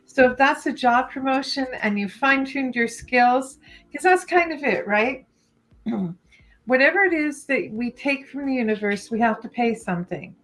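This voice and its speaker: A woman's voice: high voice, animated, normal speed, soft background music, low-quality recording. A woman co-hosting a live psychic stream, giving encouraging tarot readings and calling listeners "honey" and "darling". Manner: warm endearments, giggly, encouraging. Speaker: co-host psychic reader.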